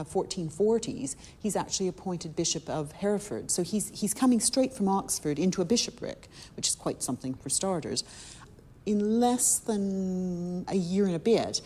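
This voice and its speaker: Low mellow English woman explaining. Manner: thoughtful, with restarts. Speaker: expert guest. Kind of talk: explaining in an interview.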